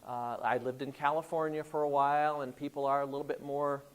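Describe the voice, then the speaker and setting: A man from the American Midwest with a Midwestern accent, speaking as a guest in a classroom, relaxed and rambling with many pauses and fillers. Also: mid-range voice, clean tone. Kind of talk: informal classroom talk.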